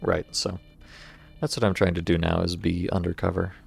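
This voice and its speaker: Gravelly American man streaming a game. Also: low voice, flat delivery, normal speed, soft background music. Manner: dry, sarcastic asides. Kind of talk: let's-play commentary, reading in-game text aloud.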